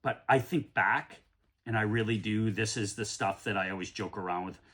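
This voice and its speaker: A middle-aged man from the United States, rambling casually through a card-break vlog and often breaking into excited shouts. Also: on the low side, normal speed. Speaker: card collector opening packs.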